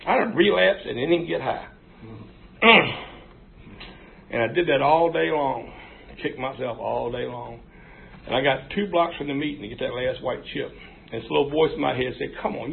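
A man's voice: mid-range voice, vocal fry. A man giving a frank, folksy recovery testimony, full of fillers. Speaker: speaker sharing at a recovery meeting. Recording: tinny phone-like recording, faint hiss.

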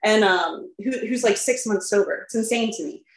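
Speaking at a normal speed in a mid-range voice, a woman candidly shares her recovery testimony with a group. She's chatty, full of fillers, and laughs at herself now and then, with a roomy echo on the recording.

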